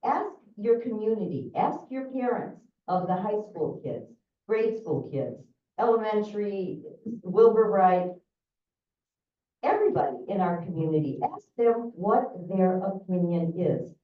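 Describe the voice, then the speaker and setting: Woman pleading at council, swooping pitch, dull lo-fi distant chamber. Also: animated, a little slow. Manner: impassioned, pleading. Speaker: public commenter. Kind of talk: public comment at a council meeting. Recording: dull, echoey, far from mic.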